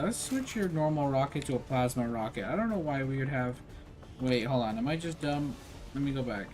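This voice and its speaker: A man's voice: medium pitch, a little mellow. A man casually commenting while he plays a strategy game, rambling and self-deprecating as he thinks aloud. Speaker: gaming streamer. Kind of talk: casual let's-play commentary.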